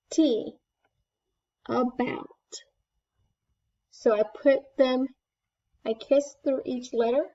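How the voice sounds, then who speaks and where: A woman teaching a first grade class remotely, speaking in slow, clear, encouraging steps. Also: a little high, dull audio.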